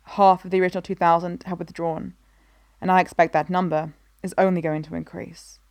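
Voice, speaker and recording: A woman voicing a grave, weary man, a senator, speaking in a somber, measured way. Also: fairly low pitch, little pitch movement, a little mellow, dry recording, lightly acted.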